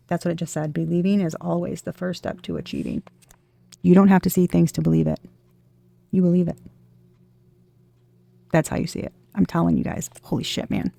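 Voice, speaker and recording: A woman's voice: lowish voice, gravelly, dark tone, no echo. A woman giving a casual tarot reading to her viewers, emphatic and repetitive, swearing freely as she talks. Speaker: tarot reader.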